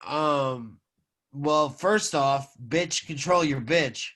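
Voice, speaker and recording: A man's voice: fairly high pitch, extremely slow, fairly bright tone. A man who raps, a podcast guest in casual chat, making blunt, joking interjections. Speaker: rapper guest.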